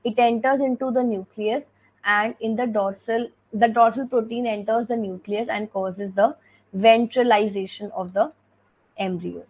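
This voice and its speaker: A woman with an Indian English accent speaks in a fairly high, slightly rough voice with a darkish, steady tone at a measured pace, and the recording itself is rough. Teaching an exam revision lecture, she explains step by step, repeats key points, and keeps checking in with "okay."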